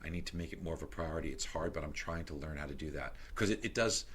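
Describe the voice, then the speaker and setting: A middle-aged man as a podcast guest, telling stories in a lively, animated way that grows loud and excited. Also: a bass voice, fast, slight background noise. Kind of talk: casual interview storytelling.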